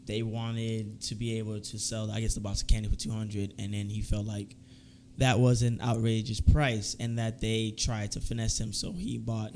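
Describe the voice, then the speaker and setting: A man's voice: fairly low pitch, level tone, normal speed, a little mellow. Man, podcast co-host, easygoing, filler-heavy, faint hum. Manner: easygoing, hesitant, lots of fillers like "you know" and "I guess". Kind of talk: casual podcast chat.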